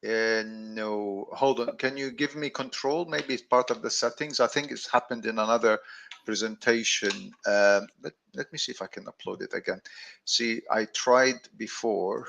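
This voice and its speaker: A man giving a presentation over a video call, speaking in a steady, methodical way. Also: lowish voice, moderate pace, gravelly. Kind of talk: live online presentation.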